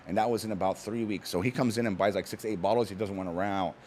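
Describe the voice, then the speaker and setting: A man on a talk show, telling stories in a fast, animated, casual way with frequent restarts. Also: on the low side, slight background noise. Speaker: guest, cannabis company founder. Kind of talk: casual chat.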